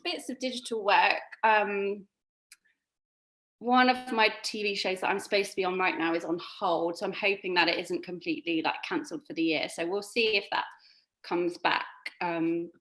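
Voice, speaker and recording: A woman's voice: lowish voice, steady tone, normal speed, fairly bright tone. A woman presenter chatting as a guest on a video-call livestream, encouraging and a little rambling. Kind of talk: casual livestream chat.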